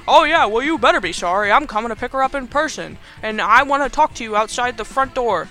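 A man's voice: sits high, level tone, brisk, pushed and bright. A man quoting an uptight, panicky teenage boy in a whiny, defensive tone. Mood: indignant.

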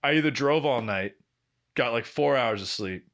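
Here a young man co-hosts a podcast at a moderate pace, his voice sitting in the mid range. Chatting casually, he tells stories with lively energy, acting out quotes and swearing without restraint.

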